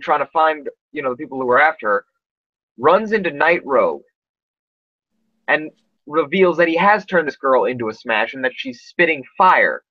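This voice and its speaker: A man's voice: fairly high pitch, sharp tone, dry recording, lo-fi sound. A man hosting a casual podcast chat, rambling with lots of fillers and restarts. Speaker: podcast host.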